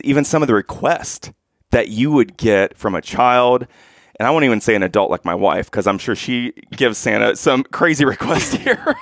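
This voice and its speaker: Playful man with a lively voice. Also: medium pitch, no room sound, studio quality. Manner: playful, teasing questions. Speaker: host. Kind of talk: casual interview.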